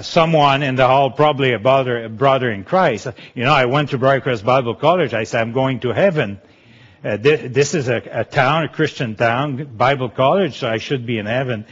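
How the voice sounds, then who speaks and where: A middle-aged man from Quebec with a Quebecois French accent, giving a personal Christian testimony in an earnest, halting way with many restarts. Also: medium pitch, a bit bright. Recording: dull lo-fi sound.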